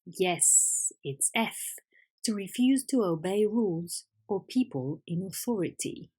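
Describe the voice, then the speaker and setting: A woman teaching an English vocabulary lesson, patient and clear, asking questions and confirming answers. Her first language is Spanish. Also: mid-range voice, lively intonation, slow, dark tone.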